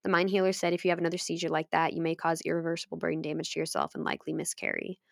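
Woman reading out a bitter young wizard guy, low gravelly voice, dry sound. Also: level tone, rapid-fire, dry recording. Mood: stern.

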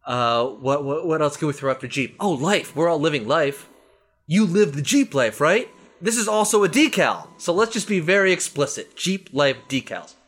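A man's voice: a little high, moderate pace. A man in casual podcast chat, telling stories with energy and swearing freely. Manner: animated storyteller, swears freely.

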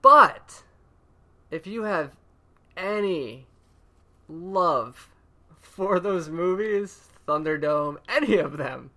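A man's voice: a little high, lively intonation, takes it slowly, fairly bright tone. A man co-hosting a podcast, chatting casually about games and steering the conversation back on topic. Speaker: podcast co-host. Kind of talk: casual chat.

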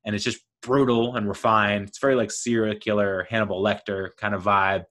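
Male podcast host, fairly low voice, excitable and rambling solo talk. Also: a little fast. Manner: enthusiastic, rambling, lively storytelling.

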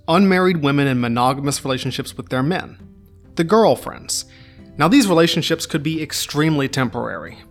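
A man hosting a history podcast, narrating from a script with irreverent, wry asides. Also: on the high side.

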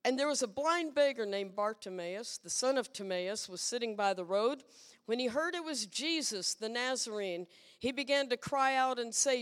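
A woman guest preacher giving a lively, playful sermon and asking the congregation questions. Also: a little high, moderate pace, big-room sound. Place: church sanctuary.

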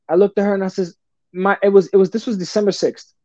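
Animated storytelling man, dark lo-fi sound. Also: high-pitched, quick pace, no echo. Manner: animated, calls the host brother and bro. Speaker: podcast guest. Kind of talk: casual storytelling. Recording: dull, dry lo-fi sound.

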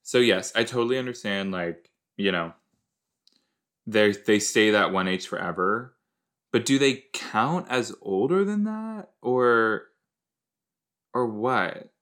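A man hosting a podcast, reacting to a TV episode in casual watch-along chat, switching between loud outbursts and quiet muttering. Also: fairly low pitch, animated. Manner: chatty, exclaims loudly then mumbles; talks to himself, quick jumps between soft and loud.

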